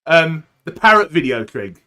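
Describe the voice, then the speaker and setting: Bright-toned man hosting a chat. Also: on the high side, very animated, moderate pace. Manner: chatty, laughing, teasing. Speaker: podcast host. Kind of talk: casual podcast chat.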